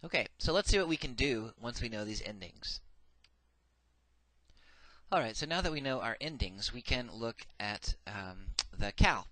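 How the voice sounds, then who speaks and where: With a medium-pitched, bright and forceful voice, lively intonation and a moderate pace, a man teaches Hebrew grammar in a dry recorded lecture. He works patiently and methodically, repeating every form twice amid frequent "uh"s.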